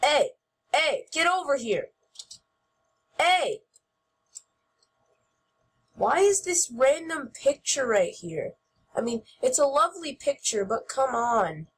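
A woman giving playful gameplay commentary as host, goofy and shouting mock-angrily at other players. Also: sits high, big pitch swings, slow, long pauses, slightly rough.

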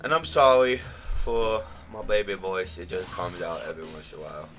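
A young man giving excitable let's play commentary, often shrieking in panic and blurting silly exclamations. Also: deep voice, brisk. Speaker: gaming channel host. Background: game music.

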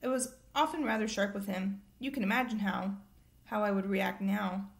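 A stern older woman professor whose voice sounds thick and stuffy from a head cold, as a woman reads her part in a storybook. She talks crisply and sharply. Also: medium pitch, steady tone, normal speed, lightly acted.

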